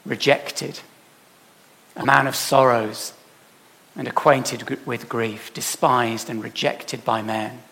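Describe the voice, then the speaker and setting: A man preaching a sermon emphatically, putting rhetorical questions to his congregation and swinging from loud to soft. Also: medium pitch, fairly even intonation, slow, gravelly. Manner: emphatic, with dramatic swings in loudness. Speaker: pastor.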